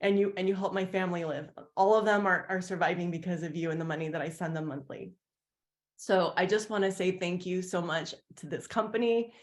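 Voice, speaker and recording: Woman, team leader, candid testimony, rambling and animated when quoting others. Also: lowish voice, a little fast. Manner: rambling with many fillers and restarts. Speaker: team leader sharing her story. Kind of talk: heartfelt personal testimony on a team call.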